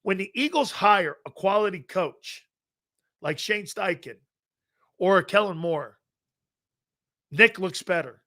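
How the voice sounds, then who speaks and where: A man's voice: high voice, lively intonation, slow, pauses often, sharp tone. A middle-aged man hosting a live sports talk show, brash and profane, rambling through chat comments and laughing often.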